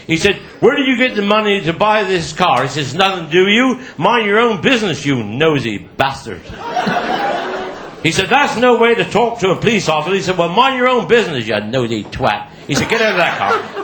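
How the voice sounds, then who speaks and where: Cornish comic with a lively high voice. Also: male voice, roomy sound, noisy background. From Cornwall. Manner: broad rural storyteller, laughing at his own jokes. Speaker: stand-up comedian. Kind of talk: rapid-fire storytelling stand-up.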